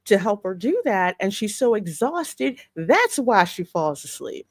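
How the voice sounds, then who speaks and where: A woman co-hosting a casual film review chat. She talks in an animated, hurried way, with many restarts. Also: mid-range voice, dry recording.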